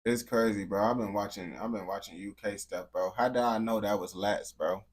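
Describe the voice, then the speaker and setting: Talking fairly quickly in a lowish voice with fairly even intonation, this reaction host keeps his commentary slangy and casual. "Bro" and "gang" come up nonstop, and he often starts sentences over.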